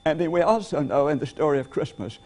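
A man preaching a Christmas sermon, earnestly slowing down to stress key phrases. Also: on the high side, lively intonation, darkish tone.

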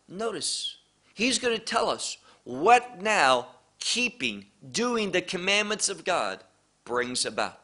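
A male Bible teacher speaks slowly and deliberately, leaning on repetition to drive each point home. His voice sits fairly high and bright, with a forceful edge. He works through scripture verse by verse in a teaching manner. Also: very animated. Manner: slow, deliberate, repeats key phrases for emphasis.

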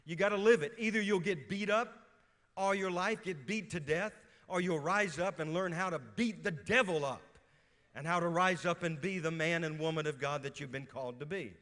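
Man preaching, higher voice, church reverb. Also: normal speed, a bit bright. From Louisiana. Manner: preaches with questions to the congregation. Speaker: pastor. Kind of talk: sermon. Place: church sanctuary.

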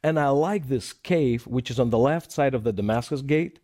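A man in casual chat who speaks haltingly, often searching for words. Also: mid-range voice, warm tone.

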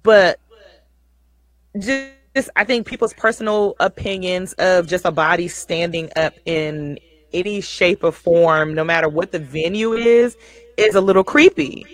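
A woman's voice: on the low side, unhurried, poor audio. A woman hosting a casual livestream show, chatty and folksy, often repeating herself.

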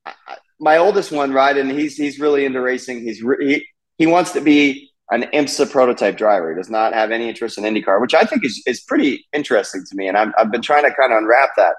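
A man in his thirties talks casually as an interview guest, a racing driver. His speech is relaxed and halting, with many fillers and restarts. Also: mid-range voice, rough recording. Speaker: race car driver guest.

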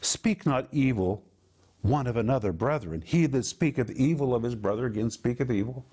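A man teaching a sermon on scripture, emphatic and deliberate, dropping to low hushed tones to stress key words. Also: animated, breathy edge. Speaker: Bible teacher.

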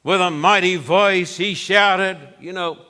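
A man preaching a sermon in an emphatic, deliberate way. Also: sits high, steady tone, bright, forceful tone, long reverb tail.

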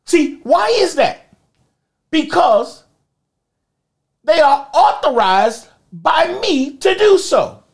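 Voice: sits high, sing-song, very slow, pauses often. A pastor preaching a sermon and retelling Bible stories with emphasis. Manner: emphatic preaching with vivid storytelling.

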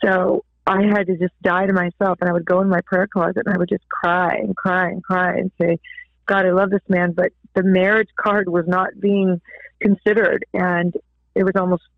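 A woman's voice: fairly low pitch, flat delivery, normal speed, gravelly, no room sound. A woman tells her story of faith in an earnest, heartfelt way, her voice rising with feeling. The sound is thin and narrow, like a telephone call, with no room around it. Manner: earnest, tearful at times. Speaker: guest author. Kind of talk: emotional personal testimony. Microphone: phone line. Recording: tinny phone line.

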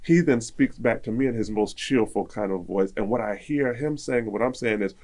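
A man's voice: lowish voice, moderate pace, hardly any pauses. A man telling a personal story in casual conversation, acting out the voices of people in it. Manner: animated, acts out quoted dialogue.

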